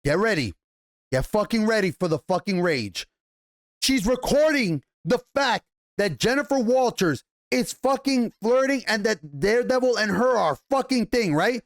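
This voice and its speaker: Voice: medium pitch, expressive, moderate pace, dry recording, studio quality. A TV show reviewer giving an angry rant review, exasperated and swearing heavily, hammering the same points over and over.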